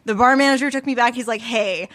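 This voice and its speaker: A woman's voice: high-pitched, steady tone, racing, fairly bright tone. A woman telling a personal story at a live open mic in a small cafe, chatty and conversational, with plenty of filler words, into a stage microphone. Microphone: stage microphone on a stand.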